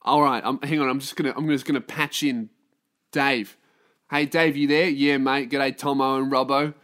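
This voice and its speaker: A man's voice: medium pitch, fairly even intonation, moderate pace, fairly bright tone, voice pushed down, close to an everyday voice. A man voicing a laid-back male mate with an Australian accent and a lazy, matey drawl. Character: laid-back male mates with bongos and tambourine.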